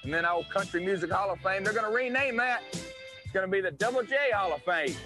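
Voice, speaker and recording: A swaggering country-singer wrestler, acted by a man brags in a high, twangy Tennessee drawl. Loud guitar music plays under this archival promo clip. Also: fairly quick, lightly acted. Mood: cocky boastful. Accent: Southern US (Tennessee). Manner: twangy, bragging, mocking. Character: cocky, boastful male country-singer wrestler.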